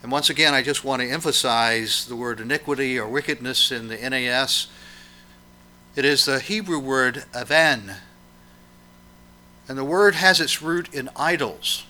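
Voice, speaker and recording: A man's voice: mid-range voice, moderate pace, bright, forceful tone. A man preaching a sermon, emphatic and questioning, his voice swelling and dropping to press each point.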